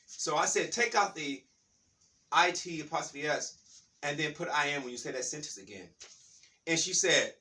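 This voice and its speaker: A man telling a rambling, animated story in a casual spiritual talk, with many restarts. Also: a little high, a little fast, far from the mic.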